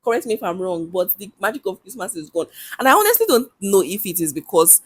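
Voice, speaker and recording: Fast, husky and very animated, this mid-range female voice belongs to a young vlogger with a Nigerian English accent. She chats candidly to camera in a casual vlog, laughing in bursts and using local slang.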